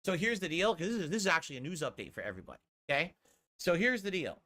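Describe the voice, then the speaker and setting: A man's voice: fairly high pitch, very animated, rapid-fire, pushed and bright. A middle-aged man talking casually on a livestream, defensive and ranting, swearing often. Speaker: streamer in a played clip. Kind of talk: casual stream talk.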